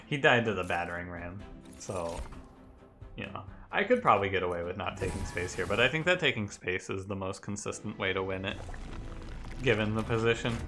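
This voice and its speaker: A young man streaming a card game, giving casual commentary in a rambling, chatty way full of quick self-corrections. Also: low-pitched, lively intonation, sharp tone. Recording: game music playing behind the voice.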